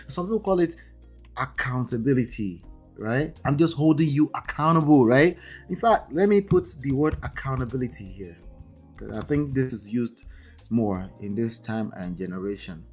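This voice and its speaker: A man with a non-native English accent hosts a live marriage-coaching stream, chatting conversationally and often checking in with "right?" and "okay?". His mid-range voice has a darkish tone at normal speed, with soft music in the background.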